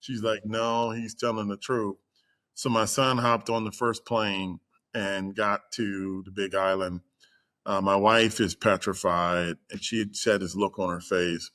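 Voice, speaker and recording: Middle-aged man, low voice, podcast guest, casual storytelling, acts out quotes, lots of fillers. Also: steady tone, unhurried, pushed and bright. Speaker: guest executive. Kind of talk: personal storytelling in conversation.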